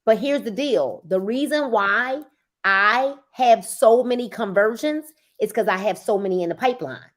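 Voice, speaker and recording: A woman sales coach in casual motivational talk, emphatic and repeating phrases for effect, sometimes breaking into loud urging. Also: a little high, normal speed. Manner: bursts into loud urging at times.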